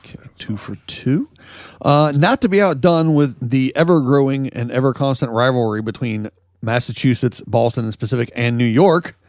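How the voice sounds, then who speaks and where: A man's voice: mid-range voice, moderate pace, darkish tone, no echo. Male podcast co-host, jokey rambling news bits, dry close sound. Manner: joking, rambling storytelling with laughs. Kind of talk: casual comedic news chat.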